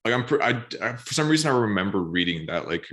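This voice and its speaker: A man co-hosting a podcast, musing about a book in a hesitant, casual way with many pauses and fillers. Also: lowish voice, big pitch swings, bright, forceful tone. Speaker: podcast co-host.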